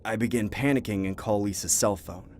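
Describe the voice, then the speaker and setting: A man's voice: on the low side, brisk, slight background noise. A young man narrating a true horror story in the first person, earnest and tense. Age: young adult.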